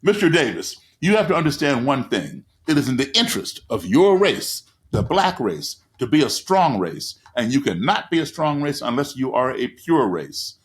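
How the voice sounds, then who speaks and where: A man's voice: mid-range voice, very animated, normal speed, hardly any pauses, voice pushed up, lightly acted. A man voicing a stern middle-aged man who lectures a younger man in a stiff, preachy way. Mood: lecturing.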